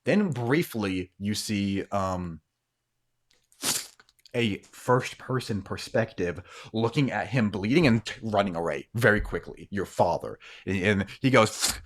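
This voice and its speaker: A man's voice: fairly low pitch, animated, a little slow. A man narrating as game master of a tabletop role-playing game, rambling with many fillers and frequent laughs.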